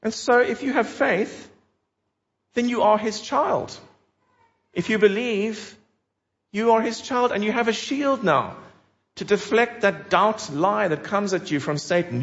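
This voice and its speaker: A man's voice: sits high, lively intonation, a little slow, fairly bright tone. A man preaching a sermon in an earnest, emphatic way, putting direct questions to his listeners. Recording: dull lo-fi recording.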